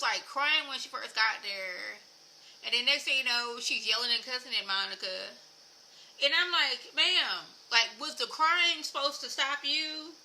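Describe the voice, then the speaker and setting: Woman vlogger, casual recap chat, high bright voice, faint room noise. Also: low-quality recording. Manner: animated, chatty, lots of filler words.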